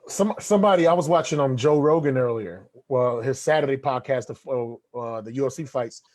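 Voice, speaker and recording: A man hosting a casual podcast, talking in a profane, animated way. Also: mid-range voice. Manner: fast, profane, animated storytelling. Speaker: podcast host.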